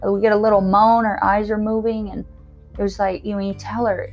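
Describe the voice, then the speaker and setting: A woman telling a personal story about losing a friend, in a halting, emotional way with many fillers. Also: medium pitch, little pitch movement, darkish tone, faint music behind. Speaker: storyteller sharing a personal loss. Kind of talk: casual spoken recollection.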